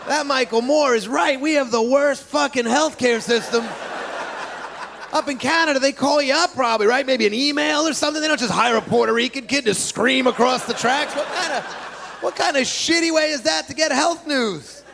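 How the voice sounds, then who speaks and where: On stage at a comedy club, a man rants through his stand-up in a brash, profane, incredulous way as the crowd laughs and makes noise around him. His very high voice has vocal fry, and he speaks at a normal speed.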